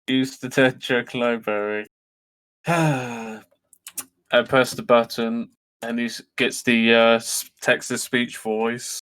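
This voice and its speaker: A man playing a tabletop role-playing game, talking in a slow, lively way and chuckling as he plays his character. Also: mid-range voice, smooth. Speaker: player.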